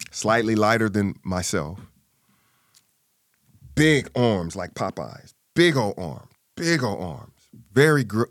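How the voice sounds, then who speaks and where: A man's voice: low voice, no echo, clean studio sound. A middle-aged man, an interview guest, telling a personal story and acting out the voices of his family.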